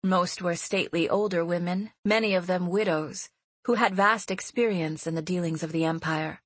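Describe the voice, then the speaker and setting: A woman reading an audiobook novel in steady scripted narration. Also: fairly low pitch, moderate pace, slightly rough, no room sound.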